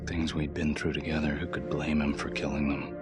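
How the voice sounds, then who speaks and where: An actor playing a desperate male death-row inmate in a video game cutscene, lurching between hushed whispers and furious shouts. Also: rumbling low, level tone, fairly quick, over music. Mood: haunted. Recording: game score playing underneath.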